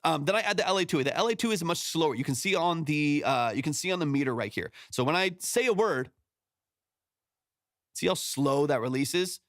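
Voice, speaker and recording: A man's voice: a little high, expressive, brisk, a bit bright, no room sound. A male music producer giving casual, rambling mix feedback on a livestream from his home studio, speaking close to a compressed studio microphone. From San Antonio, Texas. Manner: rambling, self-correcting, often tags "right?".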